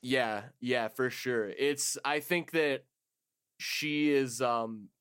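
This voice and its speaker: A man co-hosts a casual podcast chat in a mid-range voice. He is excitable, laughs often and swears freely. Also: mid-range voice, very slow, clean tone. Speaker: podcast co-host.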